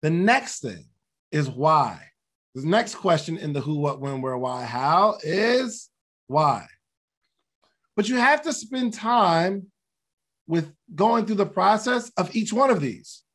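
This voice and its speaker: A man's voice: on the high side, expressive, slow, a bit bright. A man hosting a podcast, giving casual motivational talk, repeating his key questions and laughing at himself. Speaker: podcast host.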